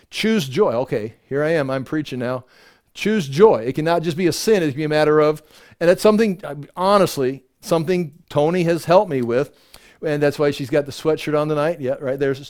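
A man's voice: fairly high pitch, darkish tone. An older man preaching a conversational sermon, often restarting his sentences and acting out self-pitying voices.

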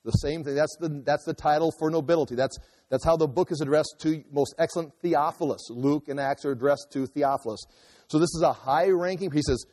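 A man's voice: fairly high pitch, a little fast, a little mellow, big-room sound. A man preaching an expository sermon in a church, explaining scripture in a loose, conversational way. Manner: conversational, restarts and asides while explaining scripture. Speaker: pastor.

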